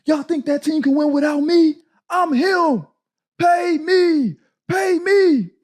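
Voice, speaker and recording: A man doing an impression of a cocky male basketball star, loudly bragging and taunting his teammates. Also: slow pace. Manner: loud bragging, high-pitched impression.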